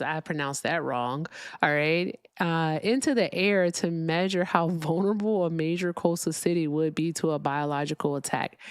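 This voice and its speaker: Woman, lowish voice, smooth clear tone, dry close mic, blunt profane livestream host. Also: no echo. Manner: blunt, profane, ranting, reads super chats aloud. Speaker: livestream political talk host. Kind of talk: casual live-stream commentary.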